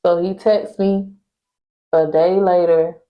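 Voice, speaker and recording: Young woman, vlogger, exasperated storytime rant to viewers, lowish voice, muffled phone audio. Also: level tone, slow pace. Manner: exasperated, venting, talks straight to viewers. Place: at home indoors.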